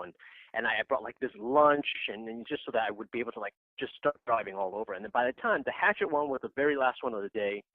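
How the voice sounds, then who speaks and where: A man tells a story as a podcast guest, loose and chatty, with many fillers and laughter breaking in. His voice sits at an ordinary pitch. The sound is narrow and dry, as if heard over a phone line. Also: no echo. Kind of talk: casual anecdote.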